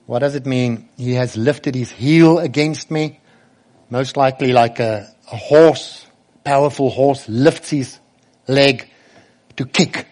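A man's voice: medium pitch, takes it slowly, a little mellow. A man preaching a sermon earnestly, often turning to ask the children direct questions.

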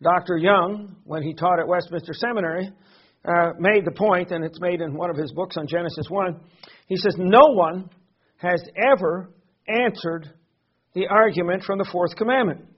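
Male preacher, high husky voice, earnest teaching sermon, dull lo-fi recording. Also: normal speed. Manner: earnest teaching with frequent fillers and repeated words.

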